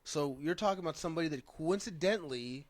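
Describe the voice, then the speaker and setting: A man hosting a casual podcast who rambles and keeps restarting his thoughts. His voice sits a little high. It is recorded close and dry, with no room sound. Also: quick pace, no echo. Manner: rambling, restarts often, laughs easily. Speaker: podcast host. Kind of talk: casual chat.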